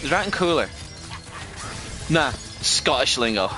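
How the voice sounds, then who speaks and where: A man's voice: medium pitch, sing-song, slow, music in the background. A man streaming a game, rambling through casual commentary with frequent swearing and self-corrections.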